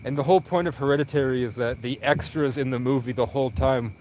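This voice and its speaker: The highs are cut off and there's slight background noise as a medium-pitched young man talks on a livestream. He rambles through a lengthy personal story, acting out the conversations and quoting others in quick, animated exchanges.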